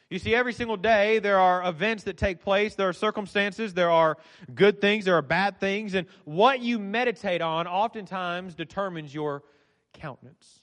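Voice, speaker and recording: Male pastor mid-sermon, high voice, slows and hushes on key words, church reverb. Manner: reads scripture in old formal wording. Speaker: preacher. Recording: long reverb in a church hall.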